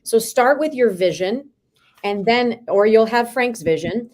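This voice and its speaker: Animated woman telling stories. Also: fairly high pitch, a little slow. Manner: lively, animated anecdotes. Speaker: guest, real estate team leader. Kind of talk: storytelling in a video interview.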